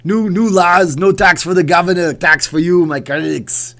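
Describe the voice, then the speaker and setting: A man putting on a loud, bragging impression of a famous Austrian-accented bodybuilder governor, in broken English. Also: sits high, fairly even intonation, normal speed, voice pushed up. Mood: boastful.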